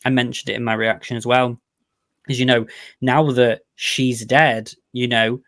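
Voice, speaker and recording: A talkative man hosts a casual review show, tumbling through his thoughts with endless "like"s and restarts. His voice sits at an ordinary middle pitch. It sounds close and dry, with no room echo. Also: flat delivery, measured pace, a bit bright. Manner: chatty and rambling, full of "like" and restarts; enthusiastic, gushing about favorites. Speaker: podcast host reviewing a TV series. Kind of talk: casual chat.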